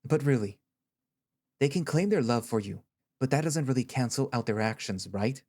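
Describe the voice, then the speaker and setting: A man voicing a gentle, caring male therapist who speaks in a soft, reassuring, patient way in an audio story reading. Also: medium pitch, lively intonation, normal speed, close to an everyday voice. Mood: earnest.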